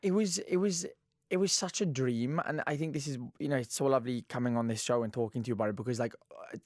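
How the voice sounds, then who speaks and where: A young man from Wales speaks with a thick Valleys accent, rambling happily through his stories with plenty of fillers and easy laughter. His voice sits at an ordinary middle pitch and is recorded dry and close in a radio studio. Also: fast, darkish tone, dry recording. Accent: Welsh Valleys. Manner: chatty and gushing, laughs often, many fillers. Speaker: guest actor. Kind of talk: casual radio interview chat.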